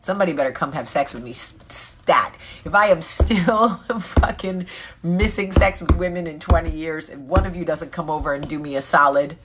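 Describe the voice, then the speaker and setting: A woman's voice: low-pitched, moderate pace, noisy background. A woman in her forties hosting a casual live chat with viewers, joking candidly and answering their comments. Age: 40s. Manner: candid, joking and chatty, reading comments aloud. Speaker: vlog host.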